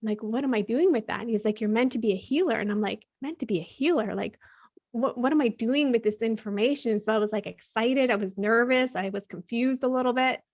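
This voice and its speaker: A woman's voice: a little high, fairly quick, darkish tone. A woman telling a personal story as a podcast guest, chatting freely and quoting what she and others said. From Canada. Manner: chatty, frequent "like" fillers, quotes her own and others' words.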